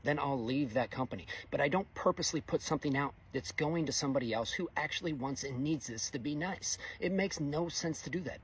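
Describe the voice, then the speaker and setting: A man's voice: mid-range voice, husky. A middle-aged man, a welder, giving a blunt, exasperated opinion monologue in casual speech. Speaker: fabricator welder.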